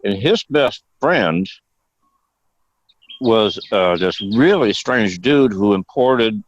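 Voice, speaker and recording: A man's voice: lowish voice, lively intonation, takes it slowly, slight background noise. An older man as a podcast guest, telling rambling, profane anecdotes and laughing often. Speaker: guest actor. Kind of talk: casual storytelling. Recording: dull, dry sound.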